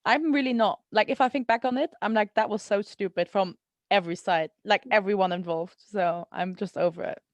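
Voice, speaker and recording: A woman's voice: medium pitch, brisk, dry recording. A young woman co-hosting a podcast in casual chat, reassuring and firmly opinionated, and she often repeats herself. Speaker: podcast co-host.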